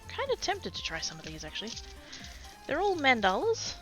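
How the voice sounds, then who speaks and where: A woman's voice: sits high, wildly swooping pitch, brisk, over music. A woman chatting casually to her livestream chat while sorting craft supplies, self-mocking and rambling. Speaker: craft streamer.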